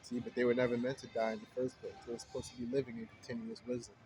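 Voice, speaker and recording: A man hosting a Bible study, reading verses aloud slowly and then explaining them in casual street talk. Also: mid-range voice, little pitch movement, warm tone, faint music behind, low-quality recording.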